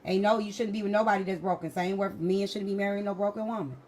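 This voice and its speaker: A woman's voice: mid-range voice, fairly even intonation, fast, a little mellow, slight background noise. A woman hosting a live stream chat, blunt and scolding as she answers commenters.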